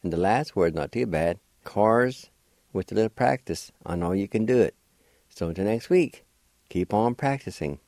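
A man hosting a radio language lesson, slowly spelling out words letter by letter and repeating them patiently. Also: on the low side, animated, darkish tone, dry recording. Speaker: language teacher and radio host. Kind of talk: slow word-by-word language lesson. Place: radio studio.

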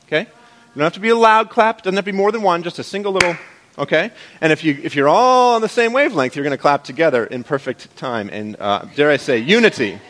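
A man's voice: fairly high pitch, expressive, fast talker, fairly bright tone, slight background noise. A man as pastor, preaching to his congregation in a conversational, playful way. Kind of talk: sermon.

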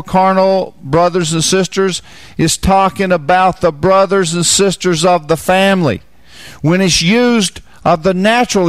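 High-voiced man teaching a sermon. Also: dry recording. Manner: repeats key phrases, asks the listeners questions. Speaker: preacher.

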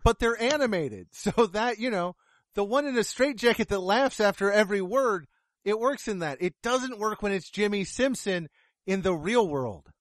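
A man with a high voice reviews a film in casual conversation. He talks bluntly and sarcastically, with plenty of swearing. The sound is dry and close. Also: expressive, normal speed, no echo. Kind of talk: casual movie review chat.

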